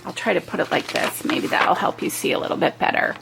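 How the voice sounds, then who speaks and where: Lady at home showing a stamping craft, chatty and easygoing, bit of low hiss behind her. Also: fast. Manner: chatty, self-interrupting, homey asides. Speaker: crafting video host. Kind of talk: casual step-by-step craft demo.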